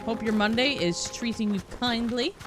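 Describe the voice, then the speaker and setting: A woman streaming a game and commenting casually, profane and playful, with sudden loud outbursts. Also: a little high, moderate pace. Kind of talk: live gameplay commentary. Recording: game music underneath.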